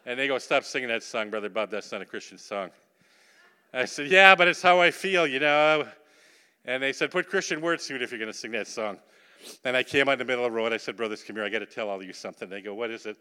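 A man's voice: medium pitch, fast talker, pushed and bright, smooth, in a large hall. A man preaching a sermon, telling a story with acted-out dialogue and asking the congregation questions. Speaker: pastor.

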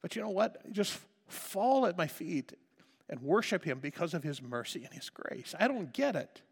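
A pastor preaching a passionate sermon, dropping to a hush and then rising to loud emphasis. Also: male voice, on the high side, animated, moderate pace, creaky, husky. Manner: impassioned, swinging between hushed and loud. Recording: reverberant hall.

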